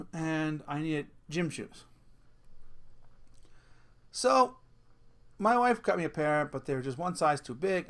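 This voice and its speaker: A middle-aged man vlogging a casual rant, telling a story with swearing and laughing at himself. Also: fairly high pitch.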